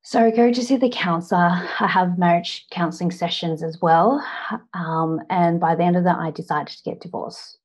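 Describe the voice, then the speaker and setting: Speaking to an audience, a public speaker in her thirties from Australia earnestly recounts her own story. Her slightly low voice keeps a steady, a little mellow tone at a normal speed, and she frequently lingers on "now" before the story moves on.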